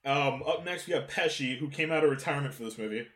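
A man hosting a casual film discussion podcast, animated, swearing, with many fillers and restarts. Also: mid-range voice, quick pace. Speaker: podcast host. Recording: roomy echo.

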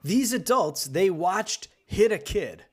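A man's voice: high-pitched, lively intonation, slow, slightly rough. A man co-hosting a podcast, chatting casually about a book and making wry, joking asides. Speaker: podcast co-host. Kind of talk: casual book-discussion chat.

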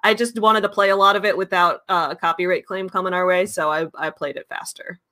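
A woman's voice: on the low side, steady tone, a little fast, bright, forceful tone. A woman hosting a reaction video, commenting bluntly and indignantly with swearing on a clip.

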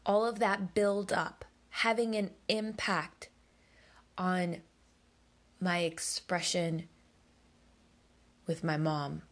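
A woman's voice: on the low side, steady tone. A woman hosting a podcast, telling a personal story in an emphatic, candid way, swearing when heated. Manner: slow and deliberate. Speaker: podcast host.

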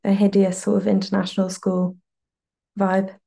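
A woman's voice: mid-range voice, monotone, normal speed, vocal fry, mellow, slightly rough. A young woman guest with a mixed British-American accent, chatting in a laid-back, rambling way on a podcast. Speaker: musician guest. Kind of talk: casual podcast chat.

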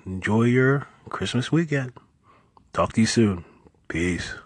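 A man's voice: mid-range voice, animated, slow pace, slightly rough, dry recording. A man from a production company calling in with a laid-back greeting. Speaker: caller, producer.

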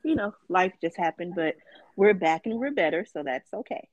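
A hoarse woman co-hosting a podcast. Her pitch swings widely as she teases her friend. The sound is close and dry. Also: normal speed, dry recording, highs cut off. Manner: teasing, animated, swears. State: hoarse, recovering voice. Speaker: podcast co-host. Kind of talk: casual chat.

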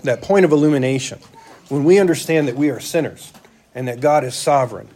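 Male church elder preaching, chatty and full of rhetorical questions, fairly high voice. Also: darkish tone. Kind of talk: sermon.

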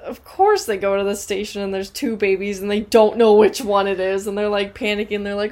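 A woman in casual chat, retelling scenes in an animated way and acting out quotes. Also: medium pitch, quick pace, few pauses. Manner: animated storytelling, acts out quotes. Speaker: podcast co-host.

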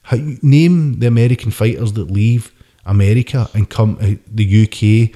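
Podcast co-host: man, lowish dark voice, heated sweary rants. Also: moderate pace. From United Kingdom. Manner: sweary, ranting, animated. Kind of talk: casual boxing chat.

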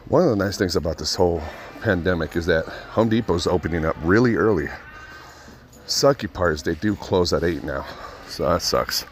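Man, low voice, casual profane vlogger talking into a phone at his ear inside a store. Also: moderate pace, a little hiss or hum. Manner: rambling, profane storytelling. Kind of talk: casual vlog monologue while out shopping. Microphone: phone held to his ear.

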